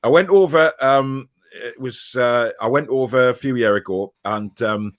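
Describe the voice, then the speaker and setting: A man's voice: medium pitch, normal speed. Chatty man in his forties. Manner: chatty, jokey storyteller, frequent fillers. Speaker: podcast host reading viewer comments. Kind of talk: casual chat.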